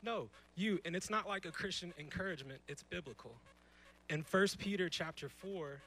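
A young man in his twenties preaches from a church stage with a somewhat high, bright, ringing voice. He talks in a conversational, emphatic way, throwing out rhetorical questions to the congregation. Faint background noise sits under his voice. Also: moderate pace, rough recording. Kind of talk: youth sermon.

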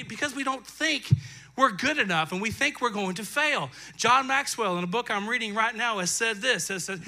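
A middle-aged male pastor preaching a lively, jokey sermon that swells into loud bursts. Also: extremely high pitch.

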